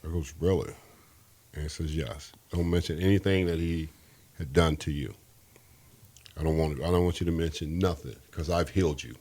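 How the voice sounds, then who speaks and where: A man's voice: very deep voice, moderate pace, darkish tone, breathy edge. A man as an interview guest, telling an earnest, rambling faith testimony and often restarting his sentences.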